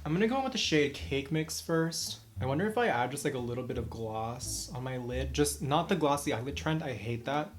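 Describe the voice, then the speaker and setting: A young man talking through his makeup routine at home in a loose, joking tutorial style. He pokes fun at himself as he goes, at a middle pitch, with soft music playing faintly behind him. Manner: chatty, joking and self-mocking. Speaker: makeup vlogger. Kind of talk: casual makeup tutorial chat. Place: at home during quarantine.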